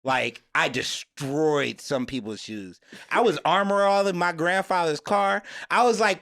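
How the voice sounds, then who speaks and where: Man, podcast co-host, gravelly voice, bright tone, animated rambling storytelling. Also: on the high side, a little slow. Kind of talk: casual chat.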